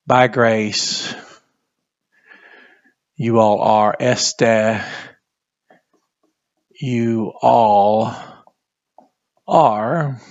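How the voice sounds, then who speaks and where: Slow, halting man teaching a lesson. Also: mid-range voice, dry recording, lo-fi sound. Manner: slow, halting, repeats words while writing. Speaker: Bible language teacher. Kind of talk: classroom lesson at a whiteboard.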